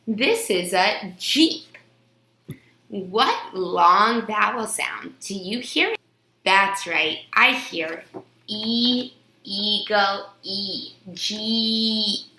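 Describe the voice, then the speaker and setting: Woman, teacher, phonics for young kids, very slow, bright, echoey room. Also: mid-range voice, a little hiss or hum. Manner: stretches out words and sounds, asks and answers her own questions. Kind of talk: slow, sing-song phonics lesson for young children.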